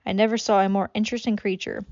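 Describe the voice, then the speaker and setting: A woman's voice: mid-range voice, flat delivery, quick pace, a little mellow, no echo, lo-fi sound. A woman reading a classic novel aloud as an amateur audiobook, stumbling over words and breaking off for swearing asides. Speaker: audiobook reader.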